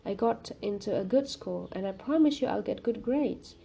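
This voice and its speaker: A woman's voice: mid-range voice, lively intonation, moderate pace, vocal fry, warm tone, slight background noise. A woman voicing an earnest young male student pleading with his girlfriend, read in a storybook reading. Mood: insistent. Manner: pleading, insistent.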